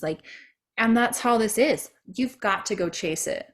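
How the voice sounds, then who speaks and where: A woman telling her story in a measured, determined way on a video call. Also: on the high side. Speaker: panelist. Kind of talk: casual video call discussion.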